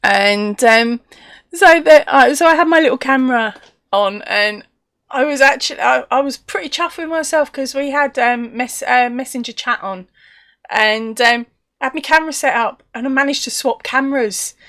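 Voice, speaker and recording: A woman's voice: high voice, normal speed, a bit bright, dry recording, clean studio sound. An English woman hosting a crochet live stream from home, chatting casually, laughing often and reading viewer comments aloud.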